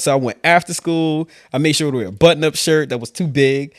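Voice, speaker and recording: A man from Queens, telling stories in a casual, animated vlog chat. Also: fairly high pitch, no echo, studio quality. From Queens, New York. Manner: animated, quick asides and laughs. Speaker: vlog host telling his story.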